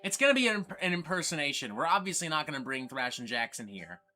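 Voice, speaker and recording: A man's voice: a little high, very animated, quick pace, sharp tone, faint music behind. A man hosting a casual livestream from a record store, rambling and swearing as he jokes around. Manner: rambling, profane, jokey. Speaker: livestream host.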